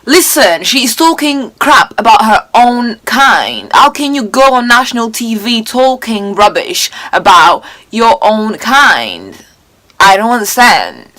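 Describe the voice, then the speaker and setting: A woman's voice: fairly high pitch, sing-song, takes it slowly, fairly bright tone. A woman in her twenties giving casual reaction commentary, indignant and rambling, with many restarts. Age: 20s. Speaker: reaction video host.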